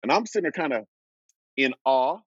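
A man in his fifties from Oregon, a former pro football player, telling stories as a guest in an animated way, laughing as he goes. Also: medium pitch, brisk, breathy edge, dry recording, muffled recording. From Oregon, USA. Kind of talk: animated storytelling.

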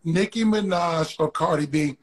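A man's voice: a little high, normal speed. A comedian in his thirties, a man, chatting loosely and telling boastful stories as a guest. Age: 30s. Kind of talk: casual podcast chat.

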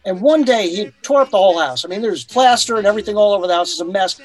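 A man guesting on a podcast, telling jokes and stories in a casual, animated way. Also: high voice, quick pace, hardly any pauses, faint music behind, poor audio. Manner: joking, animated storyteller. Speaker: guest musician. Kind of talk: casual storytelling.

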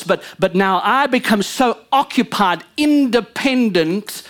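A woman pastor preaching a sermon in an animated way, swinging between loud emphasis and low murmured asides, often calling out "come on" and "amen" to the congregation.

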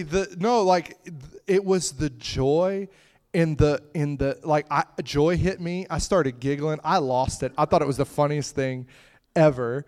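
A man's voice: fairly high pitch, unhurried, a little mellow. A man preaching a conversational sermon, chatting with the congregation and breaking into fits of laughter.

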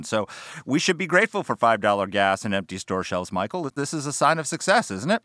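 A man's voice: medium pitch, sing-song, fairly quick, pushed and bright, dry recording, clean studio sound. A man co-hosting a political podcast, arguing his points emphatically with sarcasm. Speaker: podcast co-host.

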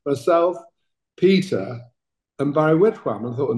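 A man's voice: a little high, big pitch swings, measured pace, darkish tone, echoey room, low-quality recording. An older British man, a talent manager, telling anecdotes as a guest in an interview, chatty and laughing through his stories. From Britain.

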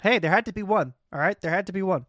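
A man co-hosting a podcast, recapping a TV episode in casual chat with quick joking asides and swearing. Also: high voice, a bit bright, no room sound, clean studio sound. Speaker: podcast co-host.

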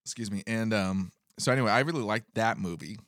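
A man's voice: lowish voice, a little fast, fairly bright tone, no room sound, clean studio sound. A male comedian chatting casually on a podcast, rambling with many fillers and swearing freely.

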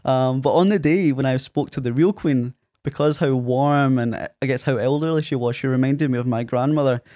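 A Scottish man in his thirties with an Ayrshire accent, chatting as an interview guest. His voice sits at an ordinary middle pitch and comes across dry and close, with no room around it. He tells lively anecdotes and jumps up in pitch when he quotes people. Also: moderate pace, dry recording. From Scotland. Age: 30s. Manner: animated storyteller, acts out quotes in a raised voice. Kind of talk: casual interview.

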